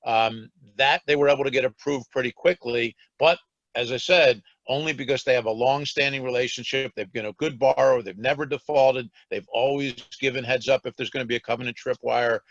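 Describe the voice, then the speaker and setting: A man's voice: mid-range voice, fairly even intonation, a little fast, a bit bright, dry recording. A man weighs in on a finance panel in a careful, qualifying way, padding his points with fillers. His sound is dull and muffled, like remote-call audio, with no room sound at all. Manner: cautious, qualifying, filler-heavy. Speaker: banking panelist. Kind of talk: panel discussion on a video call.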